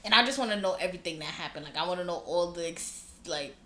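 A woman's voice: fairly low pitch, fast, sharp tone. A woman in her early thirties co-hosting a podcast, chatting with eager, profane enthusiasm. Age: early 30s. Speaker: podcast co-host. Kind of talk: casual chat. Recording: echoey room.

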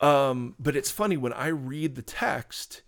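A man's voice: medium pitch, expressive, measured pace, a bit bright. A man co-hosting a talk show, explaining faith in an earnest, preachy way with frequent restarts. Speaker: podcast co-host, pastor. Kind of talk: casual conversational teaching.

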